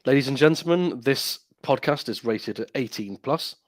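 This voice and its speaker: A man's voice: medium pitch, expressive, moderate pace. A man co-hosting a casual podcast, rambling and joking with lots of fillers and restarts. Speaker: podcast co-host.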